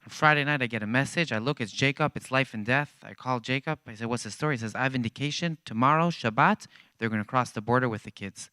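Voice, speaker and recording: A man's voice: medium pitch, fast, few pauses, pushed and bright, clean tone, dry recording. A man telling a story to a church congregation, acting out the dialogue as he goes. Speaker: guest speaker at a church.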